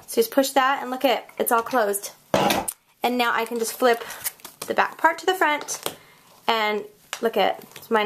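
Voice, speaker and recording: A young woman talks through a crafting tutorial at home, laughing off her own mistakes as she goes. Her voice sits a little high and carries some vocal fry. A faint hiss lies under the recording. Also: fairly bright tone. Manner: chatty, self-deprecating, talks while working. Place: home craft room, kids heard elsewhere in house.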